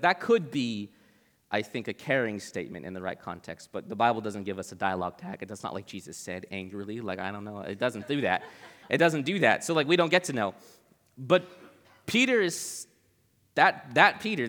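A man giving a casual, joking Bible talk, acting out the people in the story in quick voices. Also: medium pitch, a bit bright, long reverb tail.

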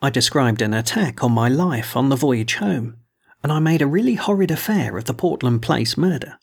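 Male audiobook narrator with a measured, gravelly, husky read. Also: mid-range voice, animated. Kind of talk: scripted narration of a novel.

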